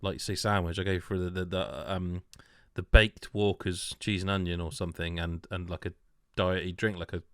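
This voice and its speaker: British male podcast host, articulate radio-host voice, low register, dry close sound, rambling and self-deprecating. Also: little pitch movement, moderate pace, clear, resonant tone, no room sound. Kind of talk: casual chat.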